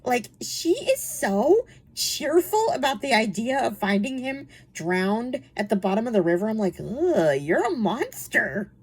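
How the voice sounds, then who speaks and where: A woman's voice: on the high side, sing-song, unhurried, a little mellow, slightly rough. A young woman reviewing books in a casual, chatty way, full of fillers and frequent laughter. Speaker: book reviewer. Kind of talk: casual chat.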